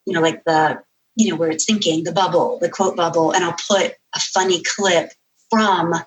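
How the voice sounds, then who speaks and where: A woman author, a guest on a podcast, telling a story in casual, animated chat and correcting herself as she goes. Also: fairly low pitch, rough recording. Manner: animated storyteller, quick asides and self-corrections.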